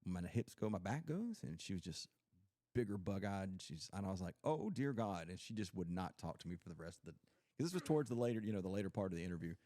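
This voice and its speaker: A Coast Guard veteran, rambling through stories in a casual podcast chat, with lots of fillers and restarts. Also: male voice, sits low, quick pace, warm tone, dry recording, clean studio sound. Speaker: podcast host.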